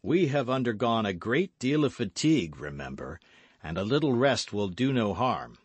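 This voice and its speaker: A man voicing a weary, measured older musketeer patiently persuading a friend in an audiobook. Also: mid-range voice, big pitch swings, slightly rough, dry recording. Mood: persuasive.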